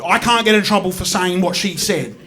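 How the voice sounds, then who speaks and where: An Australian man performing stand-up comedy on stage, swinging from mumbled asides to loud outbursts. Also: sits high, a little fast. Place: stage at a live comedy show.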